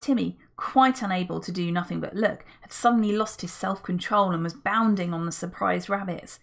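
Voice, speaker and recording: A woman's voice: fairly low pitch, moderate pace, gravelly, fairly bright tone. A woman reading a children's adventure book aloud as a narrator, telling the story expressively. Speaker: audiobook reader.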